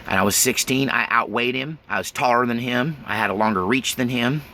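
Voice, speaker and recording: Man, plain storyteller, bright tone, folksy and blunt, nervous chuckles, faint hiss behind. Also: medium pitch, fairly quick. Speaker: autobiographical storyteller. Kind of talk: casual spoken memoir.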